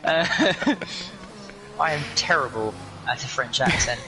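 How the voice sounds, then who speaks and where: A man co-commentating an online racing session in a relaxed, joking way. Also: medium pitch, slow pace, over music, low-quality recording.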